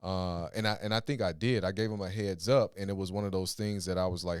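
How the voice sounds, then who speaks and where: A man's voice: low-pitched, steady tone, brisk, a little mellow, clean tone, no room sound, studio quality. A younger man, a podcast guest, earnestly recounting a personal experience in casual conversation. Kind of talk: casual storytelling chat.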